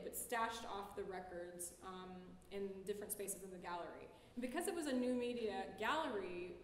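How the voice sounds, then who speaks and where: A woman's voice: mid-range voice, a little hiss or hum. A woman artist giving a casual public talk in a lecture hall, loose and chatty, peppering her speech with "like" and laughing easily.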